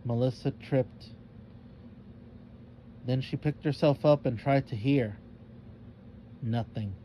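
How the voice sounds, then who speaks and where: A man reading a children's story aloud in a calm, measured narrating voice. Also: mid-range voice, highs cut off, a little hiss or hum.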